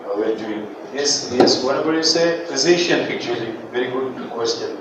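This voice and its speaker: A Bangladeshi man whose first language is Bengali, teaching English pronunciation in a classroom, modelling words with lively jokes and laughter. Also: mid-range voice, normal speed. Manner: animated, joking, laughs often, models words for students. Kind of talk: classroom lecture with repeat-after-me drills. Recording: echoey classroom, distant mic, background noise.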